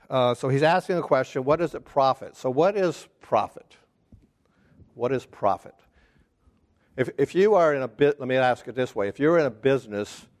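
A man teaching a casual Bible study class, talking haltingly with restarts and putting questions to the group. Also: medium pitch, a little mellow. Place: church classroom.

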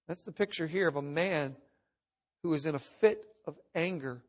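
A man preaching with a fairly high voice. He delivers his sermon emphatically, rising to loud declarations and dropping to quiet asides, and he sometimes acts out the voices he quotes. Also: big pitch swings, moderate pace, husky. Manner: emphatic preaching, shifts between loud and hushed. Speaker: pastor.

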